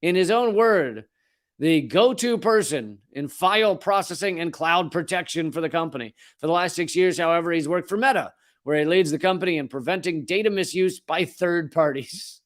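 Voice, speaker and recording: A male comedy host delivering a news monologue in a sarcastic, profane voice. His voice is a bit higher than most men's, and he rambles, restarts and trails off as he riffs. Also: normal speed.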